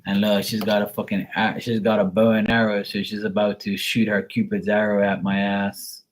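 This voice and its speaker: A man's voice: lowish voice, flat delivery, normal speed, slight background noise, rough recording. A man hosting a casual livestream tarot reading, joking and swearing as he reads the chat aloud. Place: Bermuda.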